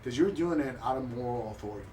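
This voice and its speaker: Man game master, lively profane narration, distant mic, background noise. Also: medium pitch, fast talker. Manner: animated, profane storytelling with frequent laughter.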